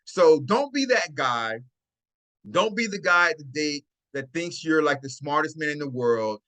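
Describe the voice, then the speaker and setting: A man with a bright, somewhat high voice hosts a casual live-stream talk on dating advice. He speaks into a phone, chatting loosely and checking in with "right?" again and again. He chuckles often along the way. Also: animated, a little slow. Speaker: host.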